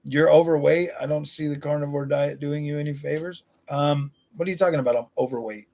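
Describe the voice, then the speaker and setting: A man's voice: a little high, steady tone, a little fast, gravelly, mellow. A man in his forties chatting on a live stream, answering viewers in a blunt, combative, profane way. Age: 40s.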